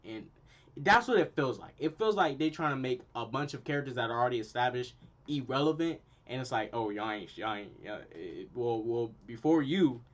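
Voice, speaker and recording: A young man in college, a channel host, ranting casually in an animated, slangy, repetitive way, with a dull lo-fi sound. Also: medium pitch, normal speed. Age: young adult. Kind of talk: casual opinion rant.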